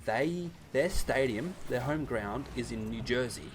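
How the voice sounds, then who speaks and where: A man's voice: medium pitch, lively intonation, a little slow, a little hiss or hum. A young man hosting a podcast, explaining things in a rambling, casual way with many restarts. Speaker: podcast host. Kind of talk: casual chat. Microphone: podcast microphone.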